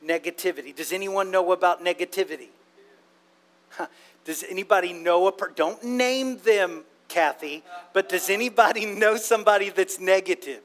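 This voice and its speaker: A man's voice: high-pitched, fairly bright tone. A man preaching a sermon in a conversational, playful way, often asking the congregation questions.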